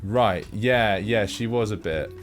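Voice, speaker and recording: Low-voiced man rambling about films. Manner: rambling, halting, many restarts. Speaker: podcast co-host. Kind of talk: casual film review chat.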